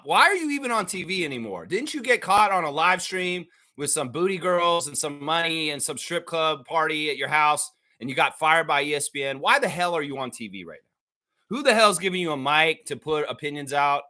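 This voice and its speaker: A man hosting a sports show, ranting heatedly in casual, profane talk and often shouting. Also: a little high, lively intonation, brisk. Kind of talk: casual fan rant.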